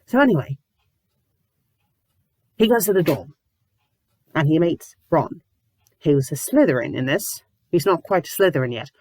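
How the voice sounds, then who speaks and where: A woman with covid reviewing fanfiction in a comedic, exasperated rant, sometimes breaking into shouts. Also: sits low, expressive, measured pace, long pauses, dry recording. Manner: exasperated, ranting, bursts into shouting; says "bloody" often. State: sick with covid, a little loopy.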